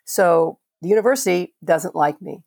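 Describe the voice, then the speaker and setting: A woman's voice: fairly low pitch, moderate pace, gravelly, a little mellow, slightly rough, dry recording, studio quality. An older woman from Florida, a veterinarian guest on a podcast, telling stories in a passionate, conversational way with frequent restarts. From Florida, USA. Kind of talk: podcast interview storytelling.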